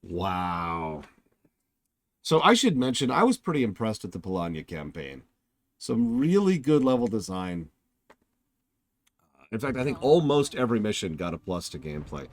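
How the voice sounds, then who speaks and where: Animated laughing man streaming. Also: on the low side, normal speed, long pauses, no room sound. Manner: animated, laughing, self-mocking. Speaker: game reviewer streaming. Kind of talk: casual live-stream commentary.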